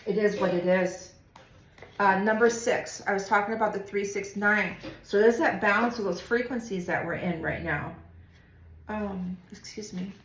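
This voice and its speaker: A woman tarot reader talking through a spiritual reading in a soft, meandering way, with many pauses and fillers. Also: mid-range voice. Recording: roomy echo with faint ambience.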